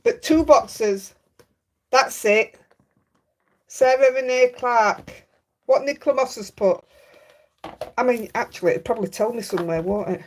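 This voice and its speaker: Chatty Yorkshire woman, fairly high voice. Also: measured pace, long pauses, slight background noise. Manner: chatty, reads out viewer comments, laughs easily. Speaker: craft livestream host. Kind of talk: casual live chat.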